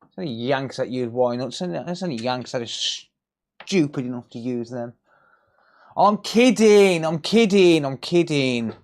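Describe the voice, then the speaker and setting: At a moderate pace and in a mid-range voice, a man keeps up relaxed, crude, joking banter with his stream viewers while he repairs electronics.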